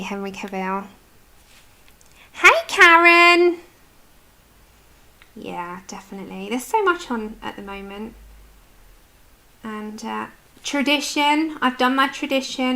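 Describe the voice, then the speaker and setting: A woman from the UK chats casually to her livestream viewers while she colours, answering their comments as they come in. Her voice sits a little high and sounds bright and forceful. She talks at a desk microphone. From United Kingdom.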